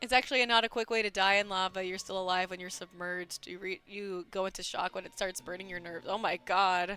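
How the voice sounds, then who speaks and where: A woman's voice: mid-range voice, steady tone, a little fast, few pauses, sharp tone, smooth, faint music behind. A young woman streaming live, chatting casually and giggling often while she plays a game.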